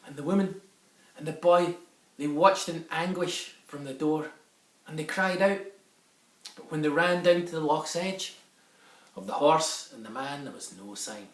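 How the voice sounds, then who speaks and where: A man's voice: a little high, measured pace, long pauses. Scottish man telling a children's story. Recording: echoey room, a bit far from the mic.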